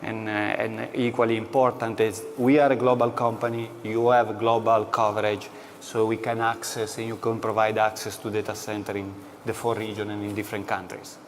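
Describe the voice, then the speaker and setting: Here a male executive replies to an interview in a level tone, his voice of ordinary pitch. His manner is measured and slow, marked by frequent pauses and fillers, while a large hall echoes around him over a faint background hum.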